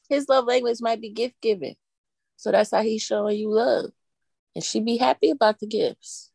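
A woman's voice: a little high, moderate pace, gravelly, darkish tone, dry recording, clean studio sound. A woman co-hosting a podcast, talking casually and expressively, repeating her point and laughing easily. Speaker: podcast co-host. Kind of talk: casual chat.

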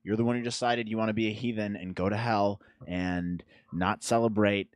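A man's voice: fairly low pitch, steady tone, moderate pace, no echo. A man hosting a podcast, ranting sarcastically in casual chat. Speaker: podcast host.

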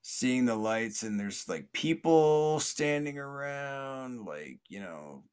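Expressive, slow and smooth, a male podcast host relaxes into a story packed with fillers and restarts. He frequently laughs and mimics other people, delivering their quoted words louder and higher than his own voice.

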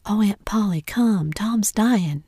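A woman's voice: medium pitch, a little slow, dark tone, slightly rough, no room sound, clean studio sound. A woman voicing an anxious younger brother, a whispered role-play with urgent, fretful whispers.

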